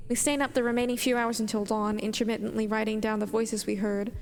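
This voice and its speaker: A woman's voice: fairly high pitch, big-room sound, slight background noise. A woman streamer reading horror stories aloud on a live stream, breaking off into chatty, rambling asides full of "like".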